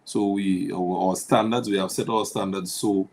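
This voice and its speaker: A man, a guest on the line, speaking in a measured, hesitant way with many ums. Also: deep voice, steady tone, darkish tone.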